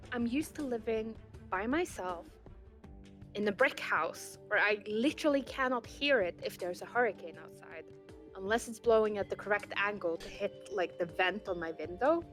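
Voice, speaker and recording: A woman's voice: medium pitch, lively intonation, unhurried, faint music behind. A woman telling a story in casual chat, full of filler words. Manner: chatty, many filler "like"s. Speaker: tabletop game player.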